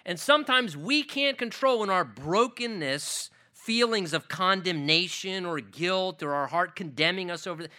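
A man delivers a sermon in a high, ringing voice with a very bright, forceful edge. He preaches earnestly, leaning hard on key words and climbing to emphatic peaks. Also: animated, moderate pace, few pauses. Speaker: pastor.

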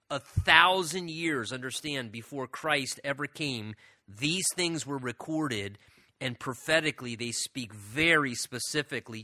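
A man's voice: on the high side, pushed and bright, no room sound, studio quality. A man preaching a sermon in an earnest manner, leaning hard on key words as he explains a passage. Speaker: pastor.

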